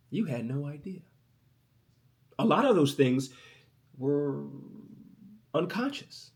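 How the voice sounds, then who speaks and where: Man preaching, loud then hushed. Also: fairly high pitch, very animated, slow pace, long pauses. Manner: swings from loud preaching to soft, hushed storytelling. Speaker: motivational podcast host. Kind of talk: inspirational sermon-like talk.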